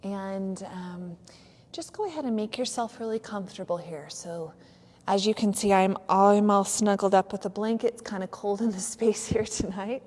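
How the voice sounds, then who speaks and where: A woman's voice: medium pitch, in a large hall. Soothing woman leading yoga nidra. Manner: soft, slow, soothing guidance with some fillers. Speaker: yoga teacher. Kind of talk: guided yoga nidra relaxation. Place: yoga studio on a cold evening.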